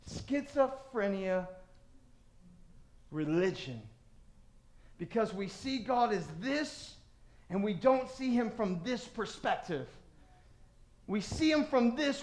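High-voiced animated male preacher, echoey hall. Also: takes it slowly, long pauses. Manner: animated, acts out voices of crowds and God. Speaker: pastor. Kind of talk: sermon.

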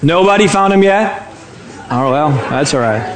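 A man's voice: sits high, animated, normal speed, echoey room, noisy background. A man from Michigan preaching a sermon in a church sanctuary, playful and chatty, teasing the congregation. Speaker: pastor.

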